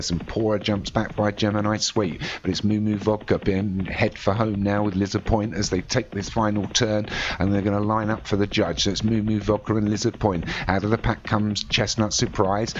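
A man commentates a horse race from a racing game, tracking each runner as the field strings out. The recording is a little muffled and lo-fi, with faint noise underneath. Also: on the low side. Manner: rises sharply to excited shouting at the finish. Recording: slightly dull lo-fi audio with faint noise.

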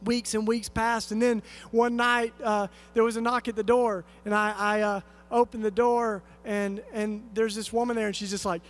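A man's voice: sits high, steady tone, moderate pace, hardly any pauses. A man from East Tennessee giving an earnest, conversational sermon-style talk at a conference, telling a story with lots of fillers and restarts. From East Tennessee, USA. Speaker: conference speaker.

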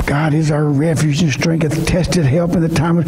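Male pastor, very high voice, slow delivery, emotional sermon with shouted peaks. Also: fairly even intonation, creaky, a little hiss or hum, rough recording. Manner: emotional, swings from shouting to quiet.

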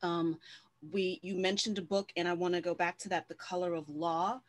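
Chatty low-voiced woman moderator. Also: fairly even intonation, moderate pace. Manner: warm-hearted, chatty, many fillers and restarts. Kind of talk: casual conversational hosting.

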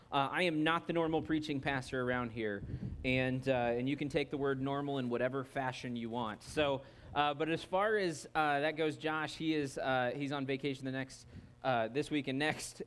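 A man with an American accent preaching a casual, joking sermon full of fillers. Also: mid-range voice. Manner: joking, chatty, many fillers. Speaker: guest preaching pastor.

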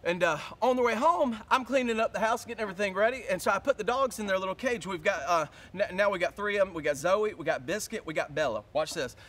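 A male pastor preaching a sermon, telling a story in a lively, casual way and acting out his own panic. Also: sits high, fast, few pauses.

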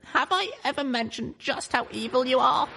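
A man doing a squeaky young mare pony. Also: lively intonation, normal speed, creaky, noisy background, heavily acted. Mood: exasperated. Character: young female unicorn pony heroine, earnest and emotional.

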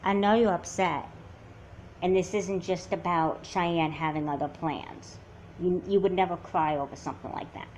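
A woman's voice: lowish voice, steady tone, moderate pace, a little mellow, slight background noise, natural voice, poor audio. A woman playing a bossy, confident teen girl. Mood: determined. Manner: upbeat, self-assured. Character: confident, bossy teen twin sister with a plan. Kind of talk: amateur doll-movie voice acting.

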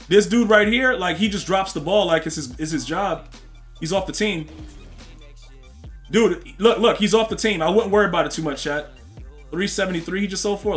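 Slangy high-voiced man streaming a game. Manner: trash-talking, slangy, talks to chat. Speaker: gaming streamer. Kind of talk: casual live-stream commentary.

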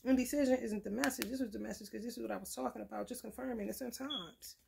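A woman's voice: a little high, fairly even intonation, fast talker, gravelly, mellow, a little hiss or hum. A woman giving a blunt, profane, preachy casual tarot reading. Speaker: tarot reader.

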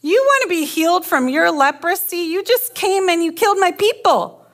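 A woman's voice: very high-pitched, lively intonation, moderate pace, a bit bright, pitched above the performer's own voice, heavily acted. A woman preacher voicing an indignant ancient king who fires off exasperated questions. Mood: outraged.

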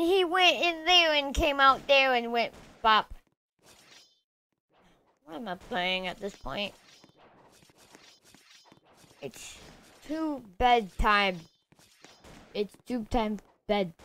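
Female gaming commentator, excitable, trash-talks opponents, fairly high voice. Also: drawn-out words, long pauses. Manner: excitable, yells insults at opponents. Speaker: gamer. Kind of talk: live gameplay commentary.

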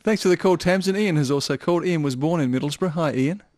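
A man hosting live talkback radio in brisk, upbeat presenter patter, introducing callers and a guest. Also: a little high, a little mellow, dry recording, studio quality. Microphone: studio mic.

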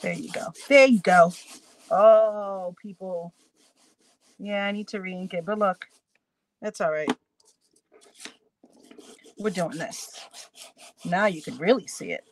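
A woman's voice: medium pitch, slow, long pauses, darkish tone. A woman hosting a crafting live stream, chatting casually with her viewers and laughing often as she works. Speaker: crafting channel host.

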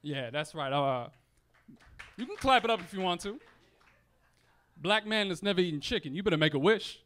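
A young man works a comedy club crowd with a high, bright voice that swoops up and down. He talks playfully and keeps breaking into character voices. The sound is a handheld stage mic. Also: animated, moderate pace. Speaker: stand-up comedian. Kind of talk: stand-up comedy set. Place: comedy club stage before a laughing audience.

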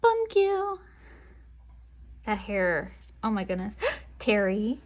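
A woman's voice: fairly high pitch, expressive, moderate pace, slightly rough. A woman chatting casually as she unboxes merchandise, chatty and self-deprecating with giggly asides. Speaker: unboxing vlogger.

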